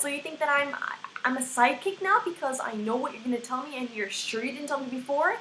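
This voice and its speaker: A woman's voice: sits high, animated, fast talker, a bit bright, slight background noise. A young woman with a put-on American accent, ranting to camera in exasperated, swearing bursts. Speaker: vlogger. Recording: echoey room.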